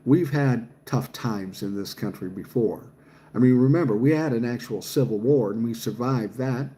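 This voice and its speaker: A man's voice: mid-range voice, moderate pace, warm tone. A man, chatting casually on a livestream and reading viewer comments aloud, swearing freely. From Minnesota, USA. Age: 60s. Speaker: livestream host reading chat.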